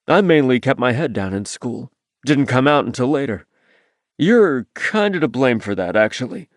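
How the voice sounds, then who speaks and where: A reserved male navy submariner, voiced by an audiobook narrator, talks plainly and without fuss. His pitch moves freely, and the sound is dry and close. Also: very animated, moderate pace, no echo. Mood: recounting.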